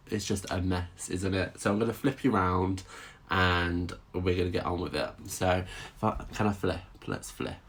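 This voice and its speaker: A man with a fairly low voice talks through a craft demo as a live stream. He is chatty, says hello to viewers as they join and pokes fun at himself between steps. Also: fairly even intonation, moderate pace, husky. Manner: chatty, greets viewers, self-deprecating asides. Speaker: stamping craft demonstrator.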